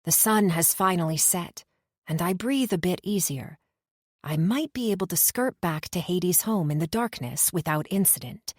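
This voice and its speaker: A woman narrating a first-person romance fantasy audiobook in a measured, tense storytelling manner on a close studio mic. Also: on the low side, darkish tone, dry recording.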